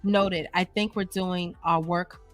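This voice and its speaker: A woman from New York co-hosts a casual home livestream, reading chat comments aloud with lots of laughter and drawn-out emphasis. Her voice is close and dry, with faint music underneath. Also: fairly low pitch, steady tone, dry recording.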